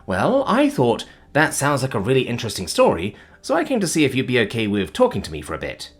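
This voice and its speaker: A man's voice: mid-range voice, wildly swooping pitch, quick pace, husky, pitched above the performer's own voice. A man voicing a polite, encouraging young female journalist. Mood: friendly.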